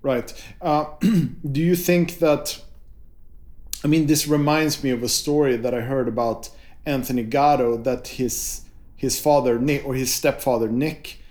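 A man's voice: mid-range voice, steady tone, measured pace, darkish tone. Thoughtful man interviewing a juggler. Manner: thoughtful, searches for words. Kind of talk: casual conversation.

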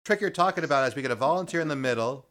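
Man, podcast host, casual interview, fast talker, dry teasing humor, mid pitch. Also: animated, a bit bright.

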